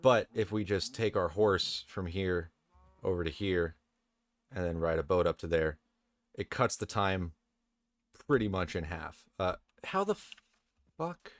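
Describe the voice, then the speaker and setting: A man giving relaxed, casual commentary while playing a video game, chatting to the game characters and swearing now and then. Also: low voice, a little slow, pauses often, dry recording. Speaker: let's play host.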